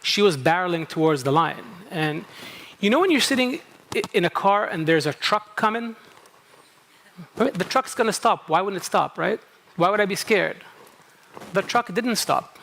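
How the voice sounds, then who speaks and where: High-voiced man with American accent. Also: lively intonation, normal speed, creaky, long pauses, fairly bright tone. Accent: American, picked up at a New England summer camp. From Kuwait. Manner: anecdotal, repeats "okay?" and acts out inner dialogue. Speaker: psychologist and panel moderator. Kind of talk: conference talk to an audience. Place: conference stage.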